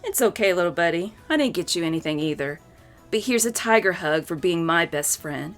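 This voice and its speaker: A woman voicing a gentle, affectionate stuffed tiger friend in a reassuring reading voice. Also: fairly low pitch, lively intonation, fairly quick, soft background music. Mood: tender.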